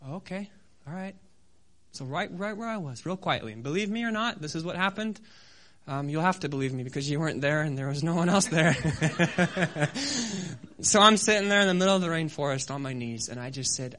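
A man preaching a sermon who tells his mission story in a lively, animated way, acting out noises and voices with self-deprecating humor. His voice sits high for a man and rings bright and forceful. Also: fast talker.

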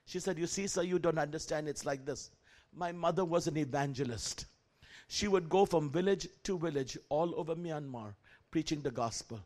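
A man's voice: on the high side, normal speed, darkish tone. A man preaching in a church, telling a story and acting out its dialogue with animation. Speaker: guest preacher. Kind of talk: sermon storytelling. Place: church sanctuary.

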